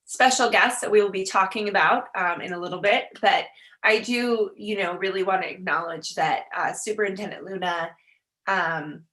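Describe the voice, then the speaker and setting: A woman serving as a school board clerk, giving emotional, halting thanks at a virtual board meeting. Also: medium pitch, a bit bright. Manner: emotional, halting, laughing through tears. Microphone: video call.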